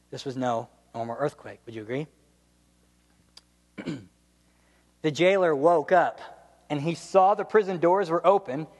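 A young man giving a humorous, animated sermon, telling the story with laughs and playful voices. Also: fairly high pitch, big-room sound. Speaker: preacher.

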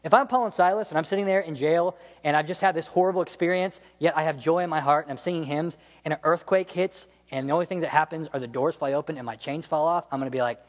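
Animated man preaching in a reverberant hall. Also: a little high, fast talker, hardly any pauses. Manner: animated, jokey storytelling with laughs and playful voices. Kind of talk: humorous sermon.

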